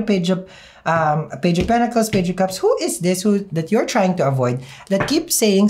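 A woman's voice: fairly low pitch, sing-song, normal speed, dark tone, a little hiss or hum. A woman reading tarot cards in a sassy, chatty way with a non-native English accent, laughing often. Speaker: tarot reader.

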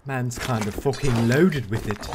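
A man giving casual gameplay commentary, swinging between dry remarks and excited shouts. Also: mid-range voice, a little slow, loud music behind the voice. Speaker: gaming YouTuber.

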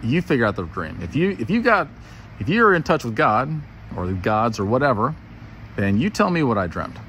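A man voicing a boastful, petulant ancient king in casual modern slang, his voice jumping high when he gets annoyed. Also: big pitch swings, normal speed, fairly bright tone, a little hiss or hum. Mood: demanding.

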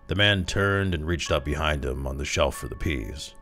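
A man reading a dark short story aloud in an expressive, dramatic way that slows down for tense moments. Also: extremely low pitch, gravelly, soft background music. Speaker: story reader.

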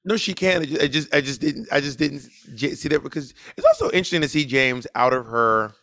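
A man co-hosting a casual podcast chat, blunt, profane and animated in how he talks. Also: mid-range voice, fast, dry recording. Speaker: co-host.

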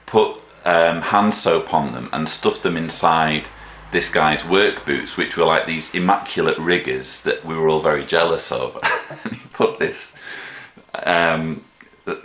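A man in his thirties telling personal stories in a thoughtful, halting way, full of fillers and restarts. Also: rumbling low, fairly bright tone. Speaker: vlogger. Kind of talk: reflective personal storytelling. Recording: echoey room.

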